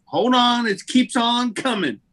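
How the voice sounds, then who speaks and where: A man's voice: extremely high pitch, lively intonation, unhurried, fairly bright tone. A man on a casual livestream, joking as he reads out donations. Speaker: co-host reading donations. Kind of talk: casual group chat.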